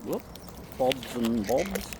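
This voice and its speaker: A woman with a low voice talks to the wild parrots around her in a playful, coaxing tone. Her delivery is slow, and her pitch leaps about as she slips into sing-song baby talk. Clear outdoor noise runs under the whole recording. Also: lively intonation. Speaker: wildlife vlogger feeding wild birds. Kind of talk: casual talk to birds. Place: outdoors among feeding parrots.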